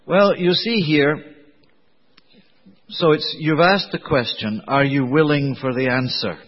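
A man preaching a sermon in a conversational, digressive way, with a slightly husky voice. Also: a little high, unhurried. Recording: dull lo-fi recording in a reverberant hall.

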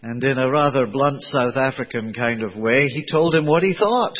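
A man preaching a sermon in a conversational, digressive way, with a slightly husky voice. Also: medium pitch, moderate pace. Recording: dull lo-fi recording in a reverberant hall.

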